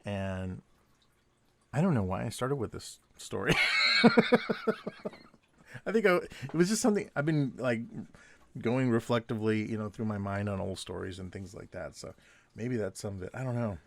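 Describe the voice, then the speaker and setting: A man's voice: lowish voice, lively intonation, moderate pace, gravelly, pauses often. A man telling rambling stories from his days as a security guard while he draws, drifting off topic and chuckling often. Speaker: artist and vlogger, former security guard. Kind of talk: casual storytelling while drawing. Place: home desk at night, drawing.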